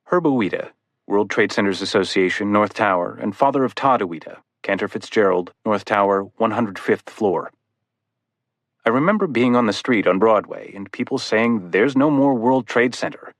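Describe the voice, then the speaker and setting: Man reading in a low grave voice. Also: normal speed, dry recording. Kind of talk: audiobook narration of a grieving father's testimony.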